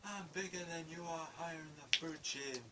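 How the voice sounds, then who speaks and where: A man voicing a crude, boastful, obese Scottish man in a gruff, bellowing impression. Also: fairly high pitch, fairly even intonation, moderate pace, bright, forceful tone, voice pushed up. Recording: distant mic, faint room noise.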